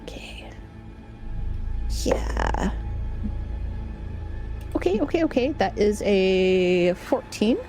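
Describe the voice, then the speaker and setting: A woman's voice: mid-range voice, very animated, extremely slow, creaky, pauses often, warm tone, soft background music, low-quality recording. A woman playing in a tabletop role-playing game, describing her character's actions casually with many "like"s. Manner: casual, many "like"s, laughs easily. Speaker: player.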